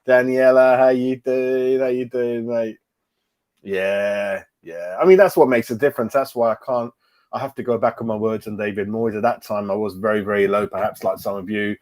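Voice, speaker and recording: A man's voice: fairly low pitch, normal speed, a little mellow. A middle-aged man runs a casual fan livestream. He talks in a chatty way, greets viewers by name and often repeats his words as he goes. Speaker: fan channel host.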